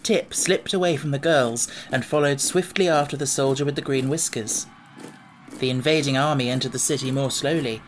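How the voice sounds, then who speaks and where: A man narrating a classic children's fantasy audiobook in a steady, measured storytelling manner. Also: medium pitch, a little hiss or hum. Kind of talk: scripted narration.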